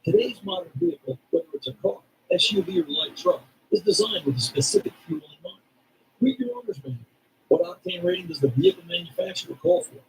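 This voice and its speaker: A man's voice: high voice, expressive, fast, slight background noise, poor audio. A man hosting a scripted car advice radio segment, explaining things confidently.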